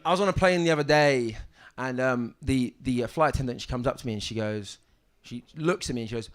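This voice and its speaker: A young man doing a stand-up set on a club stage, with a halting deadpan delivery full of ums and restarts. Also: medium pitch. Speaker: stand-up comedian. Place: comedy club stage with audience. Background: audience laughter.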